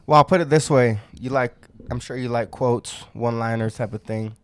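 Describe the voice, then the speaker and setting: A man trading boastful jokes on a podcast. His voice is smooth and clear, recorded close and dry on a podcast mic. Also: mid-range voice, a little fast, dry recording. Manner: joking, boastful banter. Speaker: podcast co-host. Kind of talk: casual chat.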